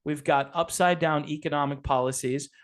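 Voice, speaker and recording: A man's voice: fairly high pitch, fairly even intonation, normal speed. A man hosting a podcast, talking casually and animatedly about politics, rambling with frequent fillers. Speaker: podcast host.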